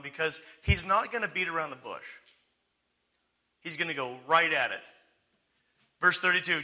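Bright-voiced man teaching scripture. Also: fairly high pitch. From United States. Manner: conversational, often asks "okay?" and "right?"; acts out quoted voices with sarcastic humor. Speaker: preacher. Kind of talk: expository Bible teaching.

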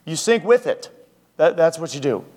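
A man's voice: on the high side, very animated, moderate pace, darkish tone. A man, a pastor, preaching a conversational sermon and asking his listeners many rhetorical questions. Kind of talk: sermon teaching.

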